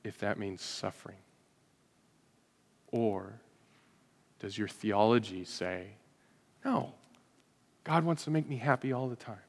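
A man preaching a sermon to his congregation, swinging from loud rhetorical questions to hushed, quiet lines. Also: on the low side, takes it slowly, long pauses. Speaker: pastor. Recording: hall reverb.

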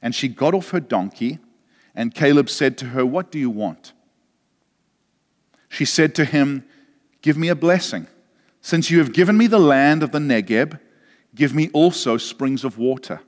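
A man's voice: medium pitch, measured pace, pauses often. A man preaching a sermon, earnest and repeating words, asking the congregation questions. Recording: long reverb of a large hall.

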